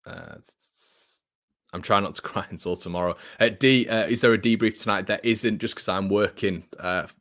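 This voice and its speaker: Young male host, deep voice, dry close mic, chatty and informal. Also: moderate pace, a bit bright, dry recording. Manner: chatty, frequent restarts and fillers, says mate a lot. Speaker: fan channel host reading live chat. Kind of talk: casual live-stream chat.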